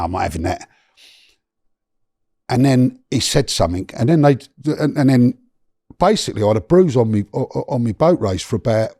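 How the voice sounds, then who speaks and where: A man, a guest on a podcast, telling a story in an animated, slangy way with swearing and many restarts. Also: mid-range voice, creaky, husky, no echo, studio quality.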